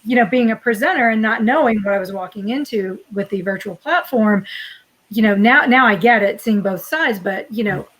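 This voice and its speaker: A woman's voice: mid-range voice, moderate pace, a bit bright, low-quality recording. A woman from Texas, a guest on a live conference interview over a video call, upbeat and talking with frequent "you know" fillers. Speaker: conference guest, regional association president.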